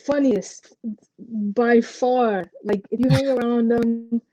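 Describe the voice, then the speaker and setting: A young woman from Puerto Rico talks candidly as a guest in a casual interview. She tells her stories in an animated way with lots of fillers. Her voice is dark and dull, recorded dry with no room echo. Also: fairly high pitch, slow pace. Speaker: interview guest, professional basketball player.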